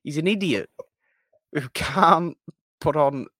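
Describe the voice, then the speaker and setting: A man's voice: on the high side, slow pace, fairly bright tone, no echo, studio quality. A British man co-hosting a podcast, chatting casually in a playful, mock-offended way. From Britain. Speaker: podcast co-host. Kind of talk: casual chat.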